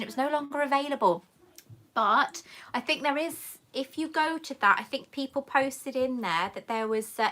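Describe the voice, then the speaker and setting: A woman's voice: fairly high pitch, bright, forceful tone. A woman hosting a casual live chat, reading viewer comments aloud and calling people darling. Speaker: YouTube host answering live chat questions.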